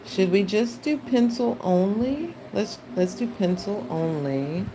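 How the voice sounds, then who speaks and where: A woman's voice: deep voice, background noise. A woman chatting casually with her livestream chat while she draws, laughing often. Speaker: art livestreamer.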